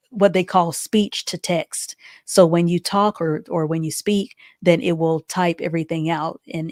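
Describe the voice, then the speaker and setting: A woman's voice: lowish voice, a little mellow, no room sound, studio quality. A woman teaching a live online reading class, spelling words out letter by letter and answering viewers with patient encouragement.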